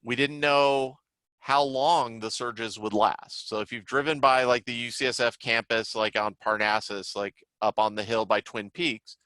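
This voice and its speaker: A man's voice: mid-range voice, steady tone, a little slow, bright, forceful tone, dry recording. A middle-aged man, a psychiatrist, teaching a class in a casual, chatty lecture style, full of "like" and "you know". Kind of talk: casual lecture with acted examples.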